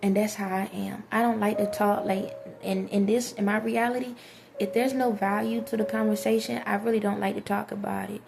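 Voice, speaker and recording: A woman's voice: mid-range voice, flat delivery, a little fast, gravelly, noisy background. A woman vlogger in a casual spiritual monologue, talking emphatically straight to her viewers and repeating her points.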